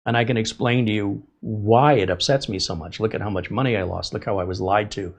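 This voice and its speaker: A man's voice: on the low side, steady tone, a little fast. A man hosting a tech livestream, talking in a candid, emphatic, rambling way about his own mistakes. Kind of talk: casual livestream talk.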